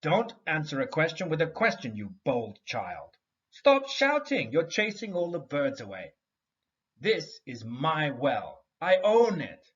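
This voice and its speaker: A man's voice: fairly high pitch, very animated, a little slow, a bit bright, muffled recording, voice pushed up. A man voicing a pompous, scolding rich old landowner in a read-aloud storybook. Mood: haughty. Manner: haughty, scolding.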